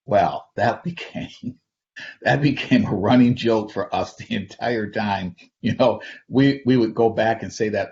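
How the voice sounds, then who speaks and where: A man's voice: lowish voice, moderate pace, darkish tone. A middle-aged man from Flint, Michigan, giving a personal storytelling talk as an invited speaker, conversational, chuckling often and restarting his sentences. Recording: dull lo-fi recording.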